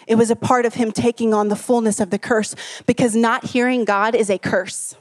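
A woman delivers an earnest sermon in a fairly high voice, leaning hard on key words and drawing them out. She calls on the congregation to say lines back to her. The sound is dry and close, with no room echo. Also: darkish tone. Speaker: preacher.

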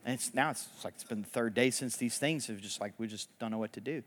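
A man preaching a sermon, retelling a story in a casual, animated way with laughs and quick asides. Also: mid-range voice, long reverb tail. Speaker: pastor.

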